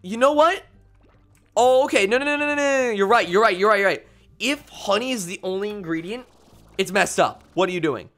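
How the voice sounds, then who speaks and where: A young man streams a video game, rambling playfully and reading viewers' messages aloud as casual gameplay commentary. His voice is high, animated, brisk and fairly bright.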